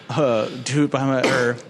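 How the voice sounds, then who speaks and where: A podcast co-host of ordinary pitch retells a movie plot to friends in a casual recap chat. He rambles, laughs a lot, swears freely, and acts out the characters' lines, with background noise audible.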